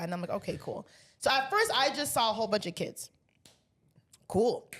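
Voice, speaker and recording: A woman with a high-pitched voice spins a story on a casual podcast. She acts out each person she quotes and swears freely as she goes. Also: lively intonation, normal speed, long pauses, fairly bright tone. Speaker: podcast co-host.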